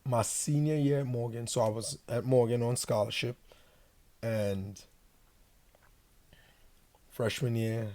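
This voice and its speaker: A man's voice: medium pitch, fairly even intonation, slow, pauses often, a little mellow. A man from Trinidad and Tobago, a guest giving an earnest personal testimony and acting out what he once said. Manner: earnest storytelling, acts out his own past words. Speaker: interview guest.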